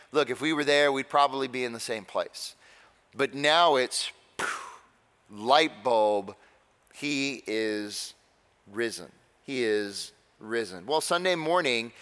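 A man of middle pitch preaching a sermon as a pastor, talking casually and then slowing into dramatic pauses. His voice carries a long reverb, as if he stands in a large church sanctuary. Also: fairly bright tone.

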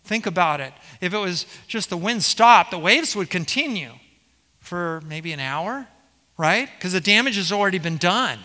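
A man preaching in a high, ringing voice, the sound trailing off in a long hall reverb. He walks the congregation through scripture, asking question after question. His tone is bright and forceful as he presses each point. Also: expressive, normal speed. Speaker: pastor. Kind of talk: sermon.

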